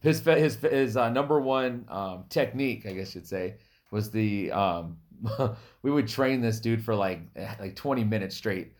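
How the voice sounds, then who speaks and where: A man from a Native American reservation hosting a podcast, telling stories in a casual, animated way, laughing often and acting out the people he quotes. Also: fairly low pitch, moderate pace. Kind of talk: casual storytelling chat.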